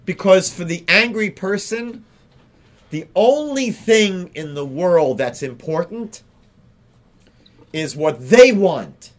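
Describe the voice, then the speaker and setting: A rabbi telling a teaching story in a slow, deliberate way, repeating key phrases. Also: male voice, high voice, lively intonation. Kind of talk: storytelling lesson.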